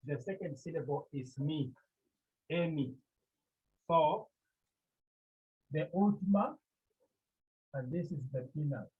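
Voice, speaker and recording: Man as Greek teacher, slow and repetitive, husky voice, tinny call audio. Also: fairly high pitch. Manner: slow, repetitive, with many pauses. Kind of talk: online language lesson. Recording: tinny phone-like line.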